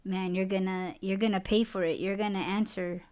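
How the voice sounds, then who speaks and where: A woman's voice: medium pitch, level tone, fairly quick, darkish tone, clear, resonant tone. A woman hosting a casual podcast conversation. She rants bluntly, swears a lot and breaks into emphatic, rising outbursts. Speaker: podcast host.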